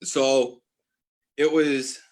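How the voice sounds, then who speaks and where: A man's voice: mid-range voice, flat delivery, very slow, a little mellow. A man in his forties telling a personal story as a podcast guest, earnest, often restarting and correcting himself. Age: 40s. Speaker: guest, apparel brand owner.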